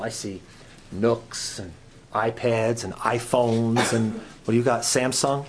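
A middle-aged man preaching a sermon as a guest speaker, quizzing the audience and swinging between soft asides and loud emphasis. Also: medium pitch, steady tone, unhurried, slight background noise.

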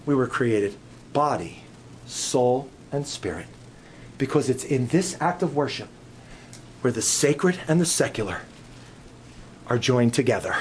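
A middle-aged man preaching a sermon, telling stories and swinging between loud emphatic peaks and soft low asides. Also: slight background noise. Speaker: pastor.

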